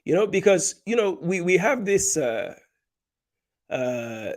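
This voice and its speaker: A man from Nigeria hosting a casual political commentary livestream, animated and repeating points for emphasis, with many fillers and restarts. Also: high-pitched, takes it slowly.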